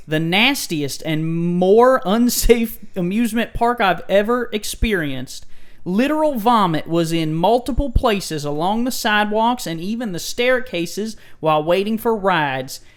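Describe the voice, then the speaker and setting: A man doing a shrill drawling Southern lady. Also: lively intonation, a little slow. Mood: outraged. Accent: exaggerated Southern US. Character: mock Southern woman reading an angry review.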